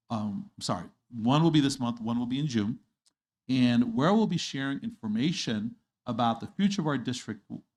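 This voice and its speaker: A man addressing a school board meeting, earnest and a bit halting, restarting his phrases as he goes. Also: medium pitch. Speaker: school district official. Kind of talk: public meeting remarks.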